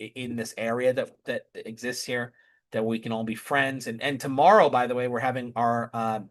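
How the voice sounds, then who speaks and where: Medium in pitch with a fairly bright tone, the same chatty vlogger gives a casual family update. He wanders along, frequently starting over and fixing his words partway through, and seems easily amused.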